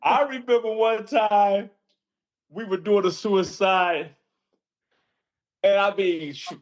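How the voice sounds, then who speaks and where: An older man, a former college basketball player, telling stories on a call with lively jumps in pitch and frequent laughs. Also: slow pace. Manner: lively, jumps high when quoting himself, laughs often. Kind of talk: casual storytelling on a call. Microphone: remote call.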